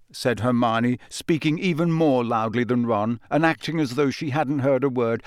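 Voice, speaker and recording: A man narrating an audiobook with clear, expressive storytelling. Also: medium pitch, moderate pace, few pauses, no room sound, clean studio sound. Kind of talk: scripted narration.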